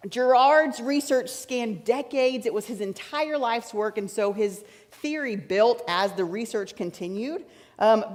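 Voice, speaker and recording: A woman's voice: on the high side, a little mellow. A woman preaching a teaching-style sermon, chatty and explaining, repeating her key points. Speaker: pastor. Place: large church sanctuary. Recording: church hall reverb.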